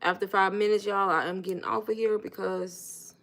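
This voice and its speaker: A woman's voice: mid-range voice, fairly even intonation, normal speed, fairly bright tone, a little hiss or hum. A chatty woman talks straight to her viewers on a livestream she runs from her phone. Her speech is loose and informal, and she keeps calling them "y'all" as she coaches them. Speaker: online business coach. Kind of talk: casual livestream talk to viewers.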